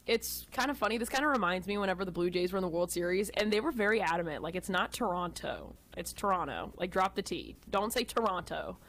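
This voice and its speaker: A woman from Texas co-hosting a sports radio show, chatting about football in an animated, joking way. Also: medium pitch, low-quality recording. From Austin, Texas. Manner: chatty, animated, quick to joke. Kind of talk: casual sports talk.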